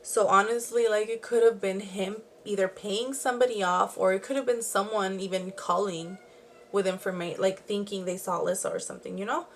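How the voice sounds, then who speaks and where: A young woman with a mid-range voice talks fairly quickly and with fairly even intonation, over slight background noise. She's a beauty and true crime vlogger doing her makeup at home while recounting a true crime story in a chatty, rambling way, full of "like" and tangents.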